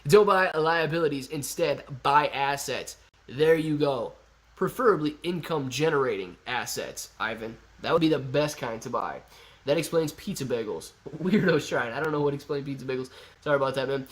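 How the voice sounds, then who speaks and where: Chill guy streaming, reads the chat out loud, kinda high voice, easygoing. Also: expressive, a little fast. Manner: chatty, laid-back, says "man" and "dude" a lot. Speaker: livestream host reading chat. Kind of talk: casual live-stream chat.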